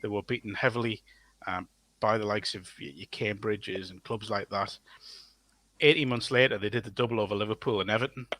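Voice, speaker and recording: A man with a somewhat low voice and a bright, forward tone talks as a guest on a casual podcast. He is thoughtful and unhurried, pausing on ums and uhs and restarting his phrases as he recalls the past. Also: steady tone, no echo. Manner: thoughtful, with frequent fillers and restarts.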